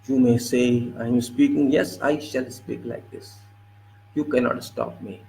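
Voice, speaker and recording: A man's voice: medium pitch, fairly even intonation, slow, vocal fry, darkish tone, slight background noise, low-quality recording. A man giving an impassioned political monologue, indignant and lecturing, repeating his points over and over. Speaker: political commentator.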